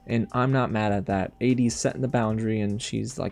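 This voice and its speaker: A man's voice: medium pitch, a little fast, creaky, hardly any pauses, soft background music. Sassy man recapping a dating show. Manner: animated and sassy, addresses viewers directly. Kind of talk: casual recap and review commentary.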